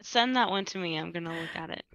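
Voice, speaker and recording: A woman's voice: on the low side, fast talker, fairly bright tone. A woman guest on a podcast, chatting casually and rambling with lots of "like". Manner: rambling, full of "like". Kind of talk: casual chat.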